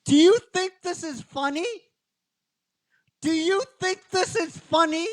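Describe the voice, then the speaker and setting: A man voicing a defiant teenage girl hero who cries as she shouts her defiance up at the sky. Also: extremely high pitch, voice pushed up, full character voice. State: crying.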